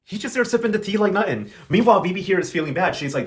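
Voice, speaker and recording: Fast-talking, gossipy man recapping a soap. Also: on the high side, animated. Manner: slangy, gossipy, opinionated. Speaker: channel host recapping a TV soap. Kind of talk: casual recap commentary.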